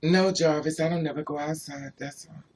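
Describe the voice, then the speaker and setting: A man's voice: fairly high pitch, fairly even intonation, moderate pace, darkish tone. A man on a casual livestream who tells rambling personal stories and answers viewers' chat comments as he goes.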